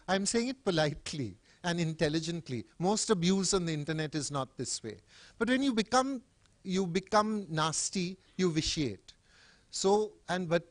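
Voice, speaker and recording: An older man from Bombay speaks at a public event with a high, expressive voice. He tells stories wryly and emphatically, swinging between loud bursts and soft asides. The sound is close and dry, with no room echo. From Bombay, India. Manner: expressive, wry and emphatic, with sudden swings in loudness and pitch. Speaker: teacher and writer speaking at a book event. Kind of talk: public talk with anecdotes.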